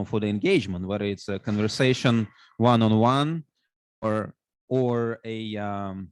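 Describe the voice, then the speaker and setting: Low-voiced podcast host, dry sound. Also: male voice, a little mellow, no echo. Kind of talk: interview questions.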